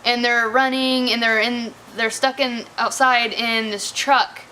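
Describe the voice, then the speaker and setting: Bright-voiced woman chatting about a movie. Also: a little high, steady tone, unhurried, slight background noise. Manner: chatty, profane, heavy use of "like". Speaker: movie reviewer. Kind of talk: casual chat.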